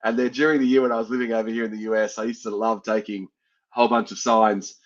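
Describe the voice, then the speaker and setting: A man's voice: fairly low pitch, little pitch movement, fast talker. An Australian man hosting a sports podcast, chatting casually and laughing at his own fumbles. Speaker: podcast host. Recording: dull lo-fi sound.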